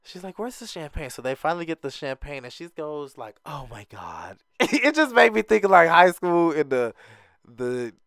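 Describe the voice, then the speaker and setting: A man's voice: normal speed, vocal fry, clean tone, no echo, studio quality. Chatty man recapping reality TV. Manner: chatty and animated, laughs often, acts out quoted lines in a higher voice. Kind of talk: casual recap commentary.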